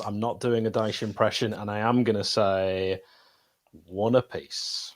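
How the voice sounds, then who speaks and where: A man's voice: fairly low pitch, steady tone, measured pace. A man on a football panel in casual chat, dry and joking, with playful asides. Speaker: panel guest.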